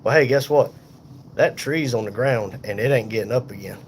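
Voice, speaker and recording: A man in pain and tired, hosting a casual livestream from a hospital room on a phone, reading viewer comments aloud in an unhurried, folksy way. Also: mid-range voice. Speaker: livestream host reading chat. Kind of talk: casual live chat.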